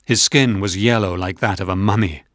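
A man narrating a storybook in a measured, even reading. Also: fairly low pitch, no room sound, clean studio sound.

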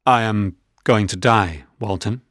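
A man's voice: lowish voice, a little slow, a bit bright, dry recording, studio quality. A man voicing a weak, dying man in a storybook reading, speaking faintly.

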